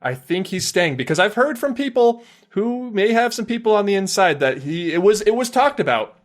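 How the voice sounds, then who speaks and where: A man appears as a guest on a podcast, talking casually and explaining things with a playful touch. His voice sits a little on the high side. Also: very animated, moderate pace.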